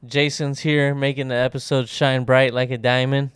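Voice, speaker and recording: Male podcast host, easygoing, loose, very smooth resonant voice. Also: mid-range voice, level tone, moderate pace, no room sound, studio quality. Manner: laid-back, laughing, loose talk. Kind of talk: casual chat.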